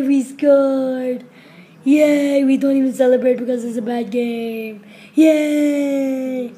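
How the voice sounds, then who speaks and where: A high-pitched woman with a mellow, rounded tone, hamming through an improvised comic skit. She rambles in quick, silly bursts and breaks into squealed whoops of celebration. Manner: hyper, silly, rapid rambling with squealed cheers. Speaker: comedy video maker.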